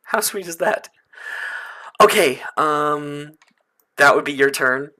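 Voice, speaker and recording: A man running a tabletop role-playing game, narrating and guiding players in a relaxed way with frequent hesitations. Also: a little high, slow. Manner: casual, hesitant with many fillers. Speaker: game master.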